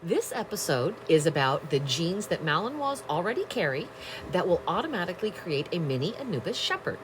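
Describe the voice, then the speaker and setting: In a kitchen under construction, a dog breeder casually narrates home videos of her dogs in a sing-song voice that's on the low side and a little fast, chatting and cooing at the puppies. The room is echoey and the background noisy.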